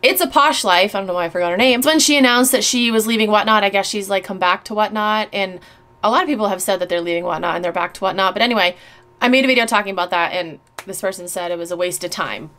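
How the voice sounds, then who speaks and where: A woman's voice: mid-range voice, fast, a bit bright. A woman YouTuber reading and answering mean comments in a blunt, sarcastic, profane way. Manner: blunt, sarcastic, swears often. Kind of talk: casual vlog reading comments.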